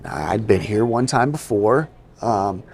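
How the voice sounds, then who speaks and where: Low-voiced man telling his story. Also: sing-song, measured pace, gravelly, darkish tone, a little hiss or hum. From US East Coast. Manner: conversational, sprinkles in "you know" and acts out quotes. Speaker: podcast guest. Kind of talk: casual storytelling in an interview.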